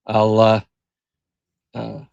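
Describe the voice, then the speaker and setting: Slow-talking Ottawa Valley man host. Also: on the low side, creaky, darkish tone, no echo, lo-fi sound. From Ottawa Valley, Canada. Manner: halting, with frequent pauses and fillers. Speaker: podcast host. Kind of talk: casual post-game hockey chat, reading viewer comments.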